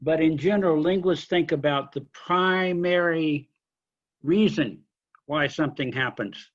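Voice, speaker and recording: A man lecturing a linguistics class, explaining question forms slowly with examples and apologizing for being unclear. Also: a little high, dull audio. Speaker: linguistics instructor.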